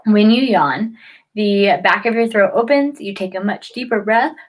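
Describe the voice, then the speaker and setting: A woman's voice: mid-range voice, normal speed, low-quality recording. A woman talks straight to the camera, explaining health in an easy, chatty way. She stumbles, restarts and fills gaps with "um." She keeps yawning as she goes. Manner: chatty, with frequent fillers and restarts. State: yawning often. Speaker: health educator. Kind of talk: casual talk to camera.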